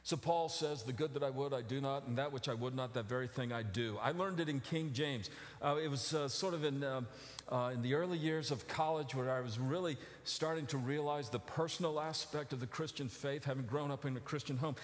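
A middle-aged male pastor preaching a sermon, moving from quiet reflective passages to loud emphatic outcries. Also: medium pitch, fairly quick, long reverb tail. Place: church sanctuary.

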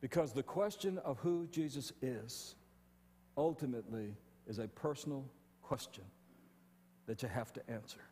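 A male pastor preaching an animated sermon, often restarting phrases. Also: mid-range voice, moderate pace, long reverb tail. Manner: animated, stumbling restarts, acting out quotes. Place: church sanctuary.

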